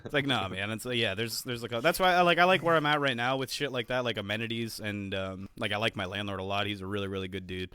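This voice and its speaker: Fast-talking profane man in casual chat. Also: fairly low pitch, bright, forceful tone, smooth. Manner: rambling, profane, full of fillers. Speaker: podcast co-host.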